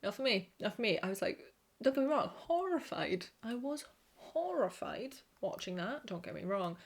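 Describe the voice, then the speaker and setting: A young Welsh woman chatting to camera, animated, swearing and laughing often. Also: fairly high pitch, normal speed. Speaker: vlogger. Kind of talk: casual chat to camera.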